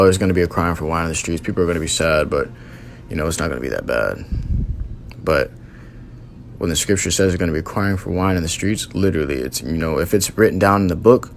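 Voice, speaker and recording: Man, very low voice, earnest casual testimony, loose and repetitive delivery. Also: darkish tone. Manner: earnest, repeats himself, fills with "you know" and "man".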